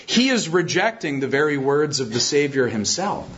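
Man preaching, earnest and emphatic, higher-pitched voice, muffled lo-fi sound. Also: lively intonation, normal speed, hardly any pauses, fairly bright tone, breathy edge. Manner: earnest, with frequent restarts and emphatic repetition. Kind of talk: sermon.

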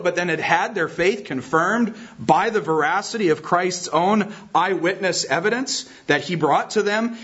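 Man preaching, earnest and emphatic, higher-pitched voice, muffled lo-fi sound. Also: a bit bright, slightly rough. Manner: earnest, with frequent restarts and emphatic repetition. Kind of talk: sermon.

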